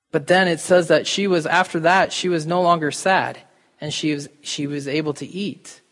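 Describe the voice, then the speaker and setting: In a reverberant hall, a male pastor with a somewhat high, slightly bright voice preaches at a moderate pace. His intonation stays fairly even as he speaks casually and directly to the congregation.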